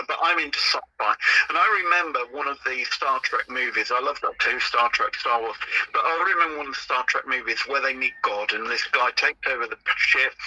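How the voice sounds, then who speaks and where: Bright, husky-voiced man, rambling. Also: mid-range voice, poor audio. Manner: rambling and anecdotal, with frequent restarts. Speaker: podcast guest. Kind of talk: conversational podcast interview.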